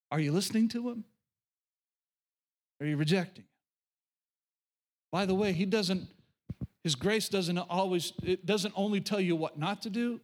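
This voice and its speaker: High-voiced emphatic male pastor preaching. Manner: emphatic, repeats phrases, stammering restarts. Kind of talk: sermon.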